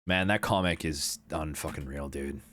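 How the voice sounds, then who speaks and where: A man's voice: extremely low pitch, normal speed, fairly bright tone. A young man live-streaming a game, chatting casually with his viewers, swearing freely and rambling between jokes. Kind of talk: casual live-stream chat while gaming.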